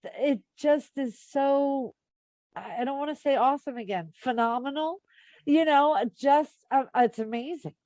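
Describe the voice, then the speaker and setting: A woman's voice: sits high, measured pace, no echo. Bubbly, laughing woman author. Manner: animated, laughs often, gushing. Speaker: author guest. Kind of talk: casual chat.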